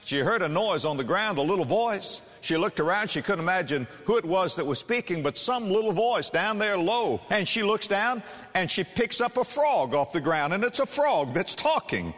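A man preaching with a lively, swooping delivery, reading scripture slowly and then driving his points home quickly. His voice sits a little above the usual male pitch. A long reverb trails each phrase, as in a large hall. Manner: animated, emphatic preaching with varied pace. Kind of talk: sermon.

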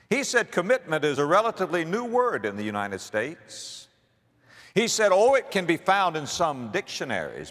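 A man's voice: medium pitch, fairly bright tone, in a large hall. A man preaching a sermon as a pastor, emphatic, building repetition and pressing rhetorical questions.

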